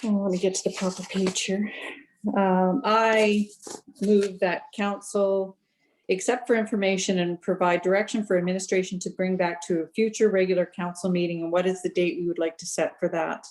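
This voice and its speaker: A woman's voice: medium pitch, little pitch movement, normal speed, a little mellow, a little hiss or hum, rough recording. A woman town councillor arguing her point firmly in a council meeting over a video call. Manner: firm, argumentative.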